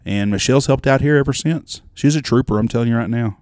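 A man's voice: medium pitch, fast, darkish tone, no echo, studio quality. A man in his forties, co-hosting a casual chat and telling rambling, profane stories. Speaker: podcast co-host.

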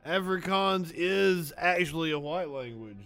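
A man's voice: high-pitched, animated, unhurried, a bit bright, faint music behind. A man co-hosting a casual comedy talk show, bantering, laughing and swearing freely. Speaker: co-host.

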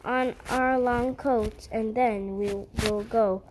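A woman reading the part of a calm, gentle middle-aged Christian mother speaking to her captors in a story, her voice steady and halting. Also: on the high side, noisy background.

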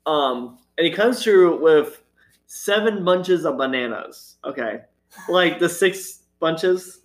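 A man with a somewhat high voice talks casually and chattily, often pausing on fillers like "um". He laughs easily between stories about his old cashier job. His delivery is relaxed and conversational. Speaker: former grocery store cashier. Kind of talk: casual storytelling chat.

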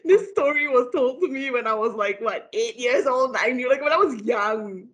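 A woman with a Malaysian English accent, a lecturer telling a ghost story in casual chat, animated and full of fillers and laughs. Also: a little high, normal speed, dull audio. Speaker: lecturer, guest.

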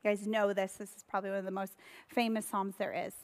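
A woman's voice: medium pitch, fast. Woman pastor preaching in a reverberant church. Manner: conversational, storytelling, animated retellings. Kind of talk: sermon.

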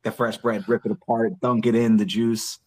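A man with a fairly low voice chats as a podcast guest, relaxed and full of fillers. He talks about food with easy enthusiasm. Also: normal speed. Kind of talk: casual chat.

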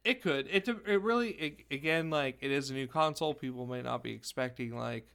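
A man with a gravelly edge to his mid-pitched voice chats casually as a podcast co-host. His delivery is relaxed and offhand, with the loose feel of friends talking. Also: brisk. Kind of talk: casual chat.

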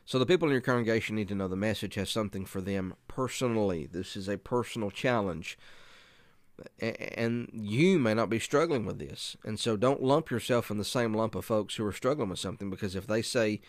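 A man's voice: on the low side, lively intonation, fairly quick, no room sound. Earnest male preacher, dry close sound. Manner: earnest, emphatic. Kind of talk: preaching instruction.

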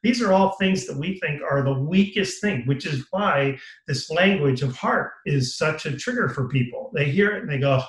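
A man's voice: a little high, normal speed, hardly any pauses, roomy sound, low-quality recording. A man telling a personal story as an interview guest, acting out what others said to him and becoming tearful as he relives it. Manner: animated storyteller acting out quoted dialogue, voice rising when moved. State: tearful, emotional. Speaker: guest, author.

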